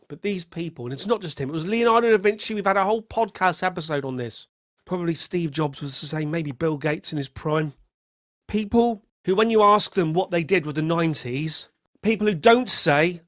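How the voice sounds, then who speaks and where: A man's voice: fairly high pitch, moderate pace, dry recording, studio quality. A man hosting a solo podcast, telling rambling wry stories and acting out quotes. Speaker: podcast host.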